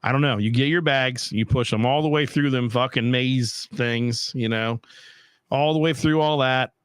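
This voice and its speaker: A young man, the host, telling a travel story in an animated, profane rant. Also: medium pitch, normal speed, smooth, dry recording. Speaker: podcast host. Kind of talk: casual storytelling.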